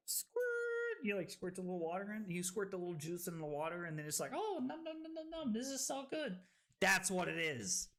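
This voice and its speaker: A man streaming a card game live, excitable and tipsy, swearing and bursting into yells. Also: fairly high pitch.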